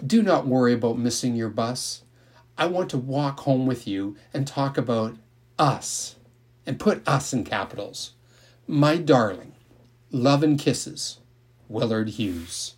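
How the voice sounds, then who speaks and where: A man reading aloud and voicing a bright, bossy schoolgirl who loves to scheme, with slow teasing emphasis. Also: medium pitch, lively intonation. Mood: scheming.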